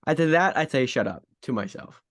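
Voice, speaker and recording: A man co-hosting a podcast, chiming in with short agreements and quick jokes. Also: mid-range voice, expressive, dry recording, clean studio sound. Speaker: podcast co-host. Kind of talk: casual podcast chat.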